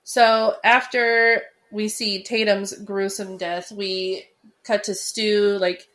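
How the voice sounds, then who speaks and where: A woman's voice: medium pitch, level tone, slow pace, fairly bright tone. A woman co-hosting a podcast, casually recapping a horror film in a chatty way with many fillers. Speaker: podcast co-host.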